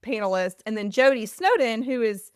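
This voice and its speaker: A woman's voice: fairly high pitch, expressive, normal speed, smooth, no echo, clean studio sound. A woman from the American South with a Southern accent, chatting as a podcast guest and laughing easily. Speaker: literacy advocate, guest. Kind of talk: casual podcast chat.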